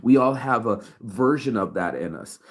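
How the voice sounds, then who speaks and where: A man's voice: mid-range voice, lively intonation, normal speed. A man in his forties giving a raw, emotional vlog monologue full of swearing and stumbling, repeated words. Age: 40s. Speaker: vlogger and shirt brand owner.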